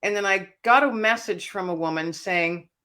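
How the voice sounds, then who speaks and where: A woman author being interviewed, telling a personal story in an animated, emotional way. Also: mid-range voice, moderate pace. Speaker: author and speaker, guest.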